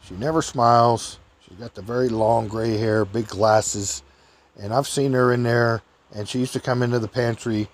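Speaking at a moderate pace with fairly even intonation, an older man rambles through a casual story from his own life. Frequent chuckles break it up, and he raises his voice high to play the other characters.

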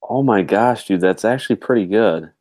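A man's voice: lowish voice, expressive, moderate pace, darkish tone. A man hosting a casual podcast over a video call, easygoing and curious, often calling his co-host "dude".

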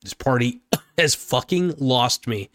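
A man's voice: medium pitch, animated, slow, a bit bright, dry recording. A man from Oregon giving an angry, profane, rambling political rant for his vlog, speaking close to the mic. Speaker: political vlogger.

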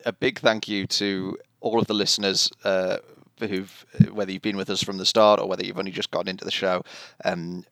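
A man hosts a relaxed chat show, his voice sitting low with a gravelly edge. He talks casually, peppering his sentences with ums and uhs. The sound is dry and close. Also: dry recording. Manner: laughs often, many filler words. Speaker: podcast host.

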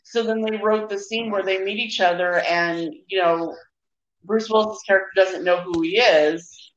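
A woman's voice: mid-range voice, moderate pace. A woman co-hosting a casual movie chat, telling trivia at length and acting out the quotes she tells. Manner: animated storyteller who acts out quotes. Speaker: podcast co-host. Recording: roomy, dull lo-fi sound.

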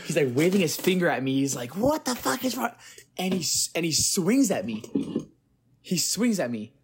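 A young man co-hosting a casual podcast tells a long, rambling story, checking in with "right?" along the way. His voice is a little high and very animated, at a moderate pace, with a noisy background behind him.

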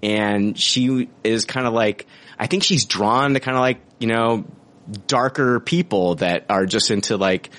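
A man's voice: lowish voice, a little slow, a bit bright. A man co-hosting a podcast, chatting casually and enthusiastically, with frequent restarts and filler words. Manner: enthusiastic, rambling with many restarts. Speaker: podcast co-host. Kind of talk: casual review chat.

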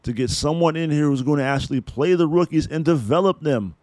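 A man's voice: fairly high pitch, a little fast, darkish tone, no echo. A man hosting a sports podcast, delivering a blunt, profane, fired-up rant about his team. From San Francisco Bay Area.

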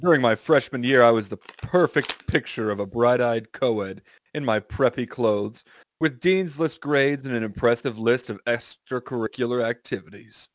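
A man hosts a comedy podcast and reads a story aloud, tripping over the odd word and tossing in casual swearing. His voice sits at an ordinary pitch. It is recorded close and dry. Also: normal speed, no room sound. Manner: reads stiffly, stumbles over words, swears freely. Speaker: podcast host reading aloud.

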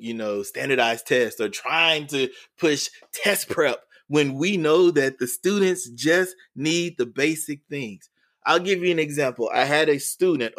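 A man's voice: medium pitch, fairly bright tone. Earnest man telling a story. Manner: earnest, repeats words while building a story. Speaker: interview guest, educator. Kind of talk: storytelling in a podcast interview.

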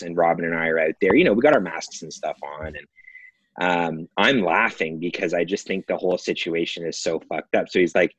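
A man's voice: deep voice, moderate pace, slightly rough, no room sound. A man telling a story on a podcast, rambling with many fillers and frequent laughs. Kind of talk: casual storytelling.

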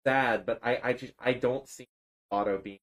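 A man co-hosting a casual commentary podcast, his voice bright and a little sharp. He rambles, swears freely and lets his sentences trail off. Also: medium pitch, fairly even intonation, normal speed, rough recording. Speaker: podcast co-host.

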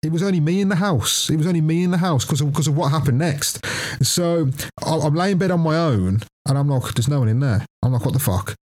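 A man's voice: fairly high pitch, fairly quick. A young man casually telling a story on a podcast, swearing often and laughing as he goes. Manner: animated, swears constantly, laughs through the telling. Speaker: podcast co-host.

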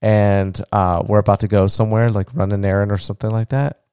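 A man's voice: lowish voice, little pitch movement, brisk, a little mellow, clean tone, dry recording, studio quality. A man hosting a casual solo podcast, rambling and heartfelt, with many fillers, and tender and emotional when he talks about his child. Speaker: podcast host.

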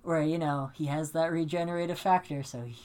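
Low-voiced woman retelling a film, swearing freely. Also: a little fast. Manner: animated, profane storytelling with dramatic reenactments. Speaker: podcast co-host. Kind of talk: casual chat recapping a film.

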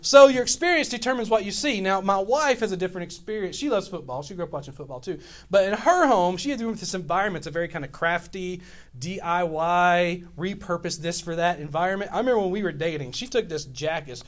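This high-voiced man talks fast as he preaches to his congregation. He's a pastor from Louisiana in his fifties, and his storytelling is animated and rambling, often starting over mid-thought.

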